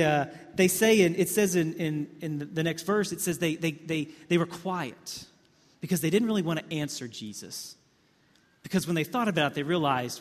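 A male pastor preaching a sermon, telling the scene like a story, with many repeated words and swings from hushed to emphatic. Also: a little high. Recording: long hall reverb.

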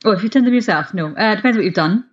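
A woman in a casual chat, explaining evidence on food in a measured, careful way. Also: medium pitch, expressive. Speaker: nutrition expert co-host. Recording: dull lo-fi sound.

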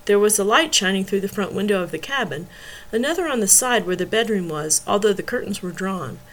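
A woman reading a novel aloud in steady storytelling narration. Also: mid-range voice, fairly quick, poor audio. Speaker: audiobook reader.

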